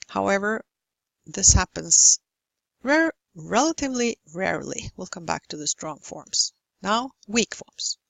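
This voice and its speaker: A woman teaching English pronunciation in a recorded lesson, speaking in a careful, deliberate way and stretching out example words. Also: mid-range voice, animated, vocal fry, no room sound, low-quality recording. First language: Norwegian. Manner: slow, careful, deliberate delivery with exaggerated model words.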